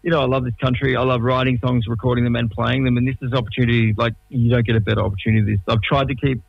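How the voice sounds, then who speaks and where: A man's voice: mid-range voice, little pitch movement, racing, gravelly, dry recording, muffled recording. An Australian man in his late forties, a musician talking casually in an interview, rambling and often restarting his sentences. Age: 40s. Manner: rambling, self-interrupting, laid-back. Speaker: musician guest.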